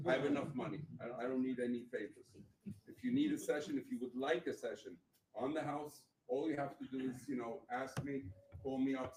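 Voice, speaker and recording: A man in his sixties telling a blunt, profane, motivational personal story as a guest speaker at a meetup. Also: medium pitch. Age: 60s. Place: event venue. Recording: echoey room mic from far off with faint noise.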